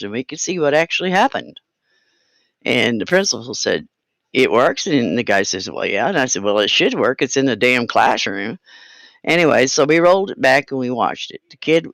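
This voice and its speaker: A man's voice: mid-range voice, fairly bright tone, no echo. A middle-aged father telling a story in a casual chat, blunt and firm, swearing as he quotes himself. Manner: blunt, firm, swearing, quotes his own stern words. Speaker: co-host, parent of the other host.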